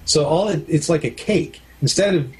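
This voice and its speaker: A man's voice: a little high, normal speed. A middle-aged man from Canada, a documentary producer and director speaking candidly in an interview, explaining his points with everyday comparisons and stories. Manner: candid, anecdotal, explains with analogies. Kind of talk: casual interview talk.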